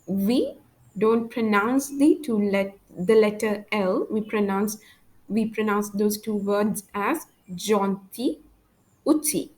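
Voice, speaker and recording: A woman gives a language lesson at an unhurried pace, her voice at an ordinary middle pitch. She says each example word with care, repeats it, and then explains it plainly. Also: fairly even intonation, a little mellow, low-quality recording. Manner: repeats example words carefully, then translates. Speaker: language teacher.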